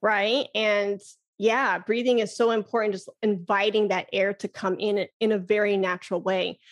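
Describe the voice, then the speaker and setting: A female flute teacher appears as a guest in a relaxed interview, speaking enthusiastically, laughing readily, and demonstrating breathy "ha" sounds. Her voice is medium-pitched and steady, at a normal speed.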